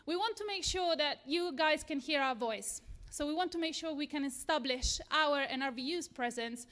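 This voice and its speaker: A woman's voice: sits high, normal speed, fairly bright tone. A woman with an Italian accent giving a nervous but earnest lightning talk to a live audience. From Italy. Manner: earnest, nervous, self-deprecating. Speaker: tech talk speaker. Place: event room with a live audience.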